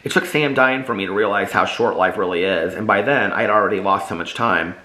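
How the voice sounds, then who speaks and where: A man's voice: fairly low pitch, brisk, bright, forceful tone, echoey room. A man voicing a loving, wistful uncle who speaks with heartfelt tenderness.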